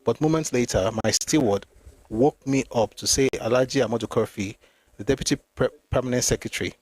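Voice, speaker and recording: A man's voice: mid-range voice, breathy edge, no echo. A man reading from a memoir aloud for a history channel, stopping now and then to comment and reread a passage. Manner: reads steadily, pauses to comment and reread.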